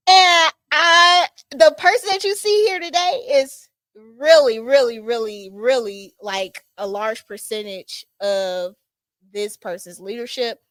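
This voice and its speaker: A woman hosting a podcast in casual, chatty talk, excitable and full of fillers. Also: medium pitch, no echo. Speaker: podcast host. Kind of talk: casual chat. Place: small studio set.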